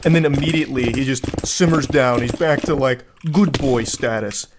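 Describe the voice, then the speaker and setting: A man's voice: mid-range voice, normal speed, background noise. A man doing reaction commentary while reading out text messages, incredulous and mocking, with a profane way of talking and a voice that cracks when he is exasperated.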